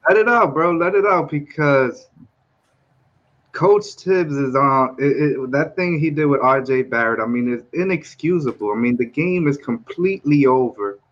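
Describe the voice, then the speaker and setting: Animated man in a sports chat. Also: on the high side, moderate pace, dull audio. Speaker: podcast co-host.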